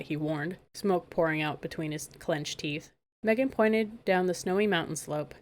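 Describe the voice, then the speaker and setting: A woman narrating a fairy-tale audiobook in a calm, measured way. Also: low-pitched. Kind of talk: storybook narration.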